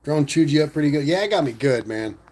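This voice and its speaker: A man's voice: on the high side, animated, quick pace, a little mellow. A man hosting a casual livestream, reading viewer comments aloud and answering in a laid-back, rambling way. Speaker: livestream host reading chat.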